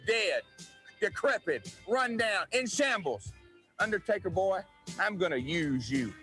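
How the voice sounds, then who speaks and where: A man's voice: high voice, sing-song, measured pace, bright, forceful tone, faint music behind, voice pushed up, heavily acted. A man playing a cocky young country-singer wrestler in a boastful, taunting promo vignette. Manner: boastful, taunting, spells out his name.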